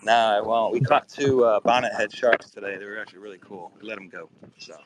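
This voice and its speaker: A man's voice: lowish voice, fairly even intonation, a little fast, background noise. Laid-back man calling in from a boat. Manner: laid-back, with many ums. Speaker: guest community member. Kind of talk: casual chat. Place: on a boat outdoors.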